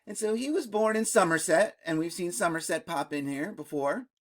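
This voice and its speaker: A history video host talking through colonial history in a casual explainer style, tagging sentences with "right?" and often laughing. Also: normal speed. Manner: excitable, jumps up in pitch when amused.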